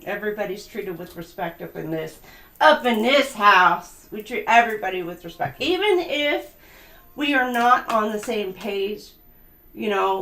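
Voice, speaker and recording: Giving a tarot reading on a livestream, a woman with a medium-pitched, fairly bright voice is chatty, emphatic and blunt. Background music plays, and the room sounds echoey.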